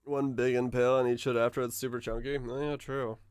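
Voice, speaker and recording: A man's voice: medium pitch, little pitch movement, fairly quick, clear, resonant tone, dry recording, studio quality. A man streaming live, reading game notes aloud and musing over them, trailing off and restarting mid-thought. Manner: muses aloud, trails off and restarts, swears in surprise.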